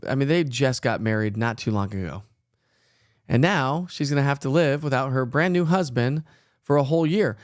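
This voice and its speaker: A man in his thirties hosts a casual morning weather livestream, talking in a chatty, rambling way full of folksy asides. His voice sits at an ordinary middle pitch. The sound is dry and close, with no room echo. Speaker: weather show host.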